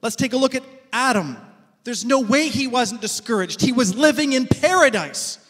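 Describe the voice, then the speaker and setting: A male preacher giving a sermon, telling stories in an animated way and asking rhetorical questions. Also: very high-pitched, in a large hall.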